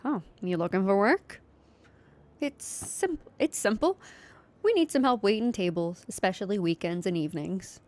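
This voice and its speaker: Woman reading as a middle-aged pizzeria owner, brisk, businesslike, quick, game dialogue. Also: mid-range voice, lively intonation, a little mellow, natural voice. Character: middle-aged Italian man running a pizzeria.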